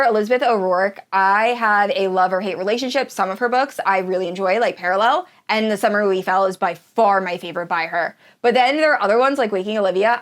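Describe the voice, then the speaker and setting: A woman chats about books she loves in an easygoing, unscripted way. She gushes with enthusiasm and leans on casual fillers as she goes. Her voice sits at an ordinary pitch for a woman. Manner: gushing and enthusiastic, with many fillers. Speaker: book reviewer. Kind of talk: casual tier-ranking chat.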